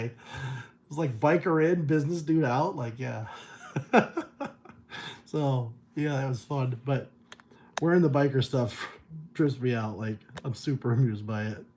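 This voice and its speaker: A man's voice: mid-range voice, unhurried, pauses often, darkish tone, slight background noise. Laid-back profane man chatting to viewers. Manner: loose, profane, chuckles often. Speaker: vlogger reading viewer chat. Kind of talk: casual livestream chat.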